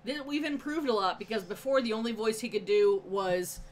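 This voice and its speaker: A woman's voice: on the high side, lively intonation, a little fast, a little hiss or hum, rough recording. A woman co-hosting a casual livestream, teasing and egging on her co-host.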